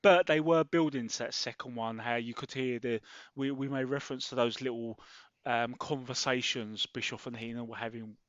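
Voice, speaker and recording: A man's voice: mid-range voice, fairly even intonation, moderate pace, fairly bright tone, dry recording. A man with a mid-range voice talks things over in a casual watchalong, reflective and often ending on a tag question. The sound is dry and a little dull, as if from a plain home mic. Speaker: podcast co-host.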